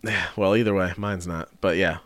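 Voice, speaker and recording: A man's voice: low voice, moderate pace. A man telling a story in a casual podcast chat, swearing freely and acting out what other people said. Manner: animated storytelling, swearing, acting out quoted voices. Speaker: body shop worker telling a story.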